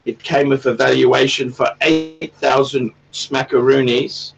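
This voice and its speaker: Gravelly, crude-talking man, bit off-mic. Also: medium pitch, fairly even intonation, unhurried, distant mic, lo-fi sound, over music. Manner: crude, rambling, swears a lot. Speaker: livestream host. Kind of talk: casual livestream chat.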